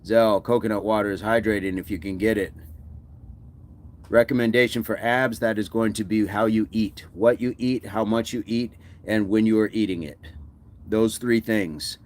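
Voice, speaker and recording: A man's voice: fairly low pitch, fairly even intonation, moderate pace. A man hosting a fitness livestream, chatting casually and answering viewer comments with encouragement.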